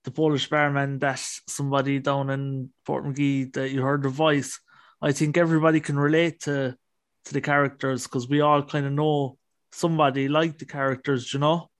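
A man's voice: medium pitch, flat delivery, moderate pace, dry recording. A man hosting an interview podcast, asking loose, rambling questions with fillers. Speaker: podcast host. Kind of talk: casual interview chat.

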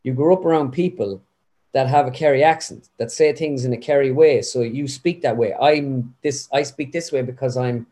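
This young man is an impressionist from Ireland, guesting in a casual interview chat with a Midlands accent. His voice is medium-pitched at a moderate pace, and his manner is chatty, animated and rambling.

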